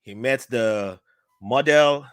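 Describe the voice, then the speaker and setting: A middle-aged man with a Nigerian accent, a podcast guest, tells stories in casual conversation, taking his time. He's animated, acting out the people he quotes with big pitch jumps, in clean, studio-quality sound with no room echo.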